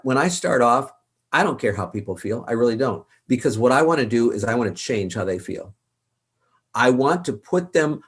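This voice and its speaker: A man, a worship leader and author, giving earnest, emphatic advice in an interview, repeating words for stress. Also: medium pitch.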